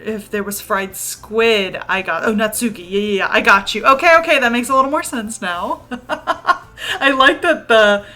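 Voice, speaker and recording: A woman streamer giving casual, giggly game commentary with animated reactions. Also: a little high, moderate pace.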